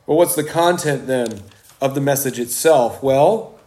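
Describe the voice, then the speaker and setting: A man preaching a sermon, slow and emphatic, with dramatic pauses. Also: mid-range voice, mellow.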